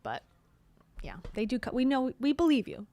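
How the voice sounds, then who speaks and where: A woman's voice: high-pitched, very animated, moderate pace, noisy background. A woman hosting a casual commentary, talking wryly and sarcastically about video clips. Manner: sarcastic, wry asides. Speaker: commentary host.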